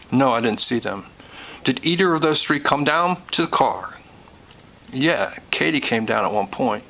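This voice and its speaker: A man host reading court testimony aloud in a plain, measured way, covering both questions and answers. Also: medium pitch, sharp tone, a little hiss or hum, rough recording. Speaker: host and narrator.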